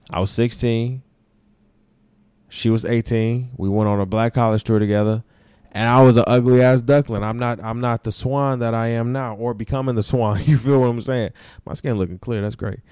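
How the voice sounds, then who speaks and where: A young adult man hosting a podcast, telling a story in a casual, animated and profane way and acting out his own quotes. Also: mid-range voice, clear, resonant tone, no room sound. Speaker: podcast host.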